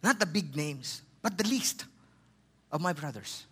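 A man's voice: lively intonation, a little slow, slightly rough. A man from the Philippines with a Filipino accent, preaching a sermon in a conversational way. He often adds "okay?" and "you know" and repeats words for emphasis. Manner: drops quieter and lower when reading scripture. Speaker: pastor.

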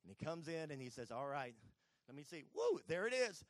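A man's voice: on the high side, sing-song, brisk. A man delivers a sermon in a slightly raised voice, retelling Bible stories and acting out the characters as he goes. The sound is dry and close, with no room echo. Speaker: preacher.

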